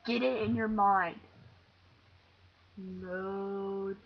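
A young woman doing let's play commentary, jumpy and excitable, talking to herself, shaky and teary. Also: fairly high pitch, slow, breathy edge. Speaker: gamer. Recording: dull lo-fi home recording with faint hiss.

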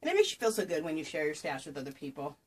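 A woman's voice: low voice, big pitch swings, rapid-fire, husky. Gushing woman unboxing gifts on camera. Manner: gushing, breathless exclamations. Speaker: craft vlogger opening a gift package. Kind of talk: excited unboxing chat to camera. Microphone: camera she sets up herself.

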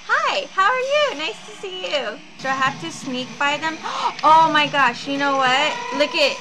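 A woman's voice: high voice, expressive, measured pace, noisy background. A woman streamer reacting to a horror game, jumpy and exclaiming, talking to herself as she plays. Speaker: gaming streamer. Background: game music.

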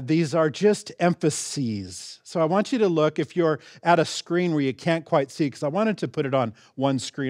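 A middle-aged male pastor preaching a sermon, conversational with restarts and asides, stressing key words with sudden jumps in pitch. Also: darkish tone, no echo, clean studio sound. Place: church sanctuary.

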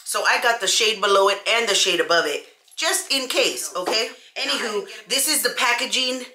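A woman chatting casually to camera as a beauty vlogger, animated and talking straight to her viewers. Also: on the high side, moderate pace. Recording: echoey room.

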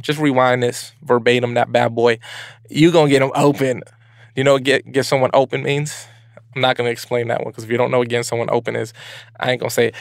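A man from Brooklyn hosting a podcast, giving casual advice in an animated, playful way full of slang. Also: mid-range voice, gravelly, no echo, studio quality. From Brooklyn, New York. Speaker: podcast host.

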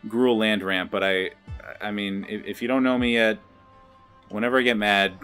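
A man's voice: on the low side, fairly even intonation, normal speed, fairly bright tone, clear, resonant tone. Frustrated young man ranting over gameplay. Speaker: gameplay video creator. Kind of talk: live card-game commentary. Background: faint background music.

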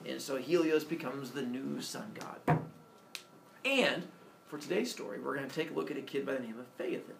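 A man teaching a class, retelling a myth in a lively, joking way and putting questions to the students. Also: mid-range voice, normal speed, gravelly. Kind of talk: classroom storytelling lecture. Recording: roomy, distant classroom sound with faint noise.

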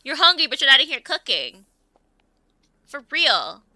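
A young woman talks through her game with a bright, sharp, high voice that swings all over the place. She gets exasperated and shouts at the characters on screen, then drops back into chatty commentary. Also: very animated, measured pace, no echo. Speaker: let's play gamer. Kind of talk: casual gameplay commentary.

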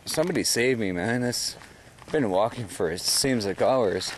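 A drunk man from Canada talks into his camera as he trudges home outdoors at night, sighing and cursing in a loose, rambling way. His voice sits low. Faint outdoor ambience with birds hums behind him. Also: expressive, moderate pace, slight background noise. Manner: slurry, sighing, swearing constantly. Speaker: vlogger.

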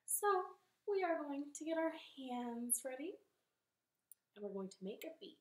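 A woman's voice: high-pitched, big pitch swings, normal speed, darkish tone, echoey room, a little hiss or hum. A young woman hosting a children's storytime from her living room, cheerfully coaxing kids to sing along with a ukulele. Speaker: library storytime host.

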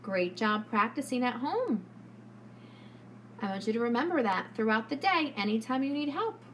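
A woman preschool teacher giving a lesson to young children, speaking slowly and clearly in a sing-song way. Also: fairly high pitch, lively intonation, a bit bright, slight background noise.

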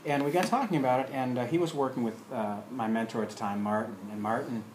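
A man telling a personal story in a casual, rambling way, full of pauses and fillers. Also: mid-range voice, steady tone, darkish tone, echoey room, slight background noise, low-quality recording. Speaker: alternative practice teacher.

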